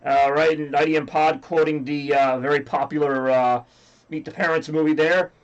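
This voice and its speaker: A man's voice: on the high side, fairly even intonation, moderate pace, highs cut off. A man with a scratchy voice hosting a livestream, rambling casually and joking with chat. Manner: rambly, jokey, reads chat aloud. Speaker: livestream host.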